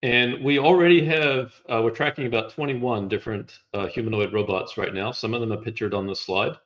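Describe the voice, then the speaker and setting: A man walking through slides in a relaxed conversation, explaining step by step with a wry touch. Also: mid-range voice, a little fast, dull audio. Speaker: guest presenting slides.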